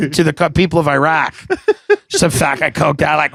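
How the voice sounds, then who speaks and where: A man's voice: a little high, brisk, vocal fry, a bit bright. A man hosting a podcast, telling rambling, profane stories in casual chat and mimicking the people in them. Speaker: podcast host.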